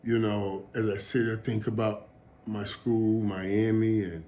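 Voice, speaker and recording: A man's voice: fairly low pitch, level tone, measured pace, dark tone, slight background noise. Emotional rambling man, casual talk. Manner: emotional, rambling, repeats words. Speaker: show host.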